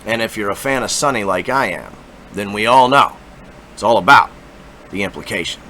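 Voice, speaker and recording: A man hosting a casual fight-prediction talk, profane, excitable and rambling with lots of repetition. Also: fairly low pitch, moderate pace, a little hiss or hum. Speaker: MMA fight predictions host.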